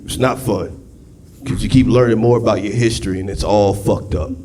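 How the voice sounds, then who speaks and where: A man performing a stand-up comedy routine on a club stage, animated and loose. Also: lowish voice, fairly quick, a little hiss or hum. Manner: animated, with jive voice impressions. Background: audience laughter.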